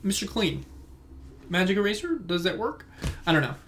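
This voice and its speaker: Rambling young guy, slightly high voice. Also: sing-song, normal speed, background noise. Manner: rambling, goes off on tangents, swears casually. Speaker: podcast host. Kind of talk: casual solo podcast chat. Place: his room at home, indoors. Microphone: phone camera.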